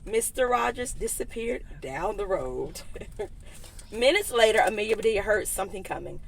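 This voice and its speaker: A woman reading a picture book aloud for kids, animated, with giggly asides to her young listeners. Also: mid-range voice, normal speed, vocal fry, slight background noise. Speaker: children's story reader. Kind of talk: read-aloud story time for kids.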